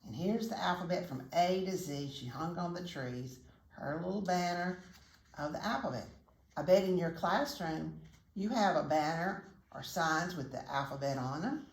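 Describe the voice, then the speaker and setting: Gentle older woman reading aloud. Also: lowish voice, normal speed. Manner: gentle, teacherly, asks listeners questions. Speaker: storyteller, retired teacher. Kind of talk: children's read-aloud. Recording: roomy echo.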